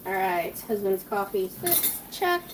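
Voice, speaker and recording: A woman's voice: mid-range voice, sing-song, unhurried, background noise. A woman hosting a casual cooking livestream from her home kitchen, a chatty, scattered mother reading viewer comments aloud as she cooks. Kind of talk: casual live-stream chat while cooking.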